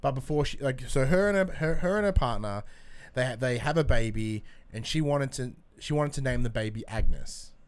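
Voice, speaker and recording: A man's voice: mid-range voice, animated, moderate pace, smooth. A young man co-hosting a podcast, talking casually about movies, swearing freely and tripping over his words. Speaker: podcast co-host.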